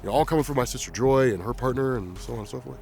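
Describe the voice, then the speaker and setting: A man quietly telling a personal story in a halting, reflective way. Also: mid-range voice, vocal fry, over music. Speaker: vlogger.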